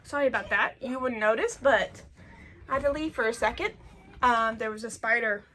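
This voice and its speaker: Bright-voiced, gushing young woman vlogging. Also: a little high, normal speed, slight background noise. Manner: chatty and gushing, many fillers and repeated words. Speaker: book vlogger. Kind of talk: casual monthly reading wrap-up. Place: home.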